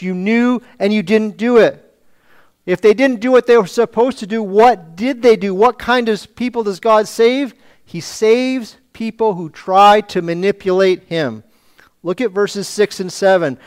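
A man's voice: high voice, clear, resonant tone. A man preaching a sermon, asking rhetorical questions and reading scripture aloud. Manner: preaching with rhetorical questions, acting out voices of the people. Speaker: pastor.

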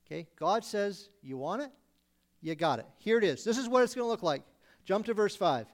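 High-voiced preacher acting out pleas. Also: male voice, animated, fairly quick. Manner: acts out pleading voices with sudden loud bursts. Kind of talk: sermon.

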